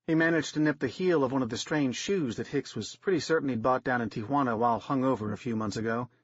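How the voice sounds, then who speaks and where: In a dry, slightly dull recording, a man narrates an audiobook with steady, wry storytelling. His voice sits mid-range and his pace is quick.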